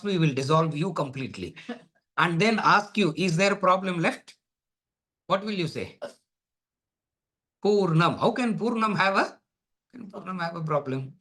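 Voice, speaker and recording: Guy teaching a class, slightly high voice, jokey back-and-forth, stretches out the chanted words. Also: a bit bright, slightly rough. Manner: playful, rhetorical questions, frequent laughs; drawn-out chanting of Sanskrit words. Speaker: Vedanta teacher. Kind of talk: lecture.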